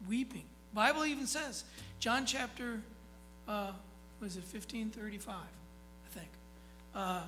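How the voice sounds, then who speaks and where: A pastor preaching a sermon in a conversational way, often checking in with the listeners and reading scripture aloud slowly with emphasis. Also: medium pitch, sharp tone, low-quality recording. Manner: conversational, keeps checking in with "okay?".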